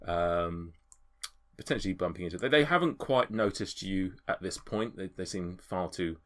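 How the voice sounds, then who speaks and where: A man's voice: deep voice, moderate pace, fairly bright tone. A man narrating a tabletop game as game master, rambling and hesitant with many ums.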